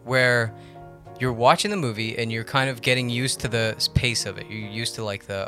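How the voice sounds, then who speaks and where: A man hosts a casual podcast chat about movies, speaking at a moderate pace in a medium-pitched, sharp-toned voice over soft background music. He rambles through tangents and laughs often.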